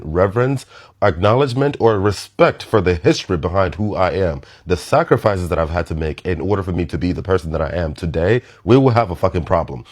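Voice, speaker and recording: A man with a Nigerian accent, giving a blunt and emphatic commentary monologue full of swearing. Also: deep voice. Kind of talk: impassioned social commentary monologue. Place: United States.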